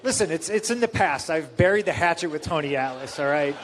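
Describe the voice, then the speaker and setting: As an interview guest, a man with a slightly high voice talks briskly, retelling stories in an animated way full of swearing and fillers. There's slight background noise.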